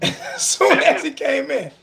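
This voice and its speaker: A man with a high, gravelly voice talking sports on his show. He is animated and emotional, often repeats himself, and leans on sarcasm. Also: measured pace. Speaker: sports talk show host. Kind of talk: casual sports talk.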